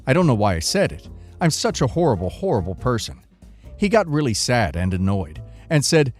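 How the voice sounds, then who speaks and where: Male narrator reading forum stories aloud with a lively, varied pitch; low music bed behind. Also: moderate pace.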